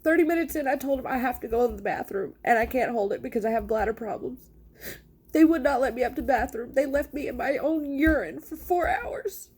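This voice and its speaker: Woman, frustrated and emphatic, quick personal account, a bit high-pitched. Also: a little mellow, breathy edge. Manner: frustrated, indignant, fast and emphatic. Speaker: mother telling her own story.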